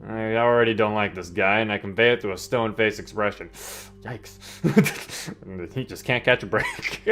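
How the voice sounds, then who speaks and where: A man's voice: fairly low pitch, measured pace, soft background music. Man reading a game aloud on stream. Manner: animated reactions, frequent laughter. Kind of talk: live stream reading with reactions.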